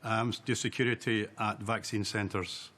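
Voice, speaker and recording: A man from an audience, telling a story on a television chat show in a plain, steady way. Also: fairly low pitch, measured pace. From Scotland. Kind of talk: anecdote told on stage. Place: television studio.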